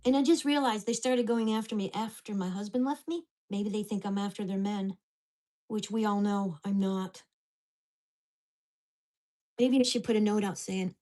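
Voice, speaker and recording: A woman's voice: medium pitch, normal speed, pauses often, dark tone. A woman vlogger at home, venting angrily and swearing about her neighbors. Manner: ranting, profane, indignant. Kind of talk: angry venting vlog.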